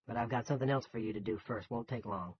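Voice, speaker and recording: A man's voice: medium pitch, quick pace, slightly rough, highs cut off, lightly acted. A man voicing a blustering middle-aged male town boss who gives commanding, scoffing, folksy orders. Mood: bossy.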